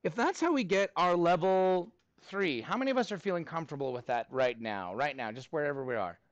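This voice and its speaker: A man's voice: on the high side, animated, fairly quick, no room sound, dull audio. A man teaching a middle school math class in a classroom, chatty and jokey with frequent asides.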